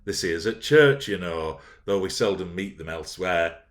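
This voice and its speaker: A man's voice: deep voice, expressive, moderate pace. A man voicing a timid, hesitant well-bred boy. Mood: hushed. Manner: hesitant, hushed.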